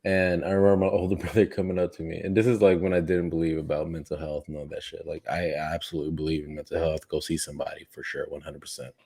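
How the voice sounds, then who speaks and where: A man's voice: rumbling low, level tone, fast talker, hardly any pauses, dark tone. A man from the Philippines co-hosting a casual podcast, swearing freely and joking and laughing through his stories. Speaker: podcast co-host. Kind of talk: casual chat.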